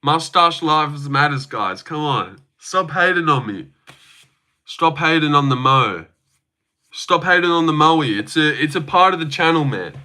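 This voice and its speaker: A man's voice: on the high side, lively intonation, unhurried, sharp tone. A young man hosting a casual live stream from his phone, joking, swearing now and then and answering chat comments.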